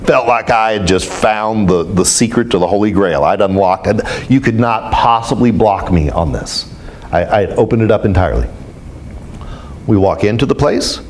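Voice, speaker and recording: A man speaking as a spiritual teacher, telling stories to a group in an animated, self-mocking way. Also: on the low side, normal speed, a little hiss or hum. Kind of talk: storytelling talk to a group.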